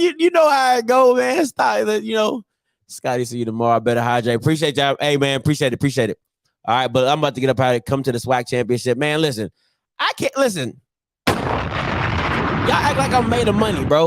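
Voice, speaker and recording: A man, hosting a casual sports chat to camera, ranting and poking fun at old-timers with loud put-on voices. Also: medium pitch, no echo, clean studio sound. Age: 30s. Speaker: show host.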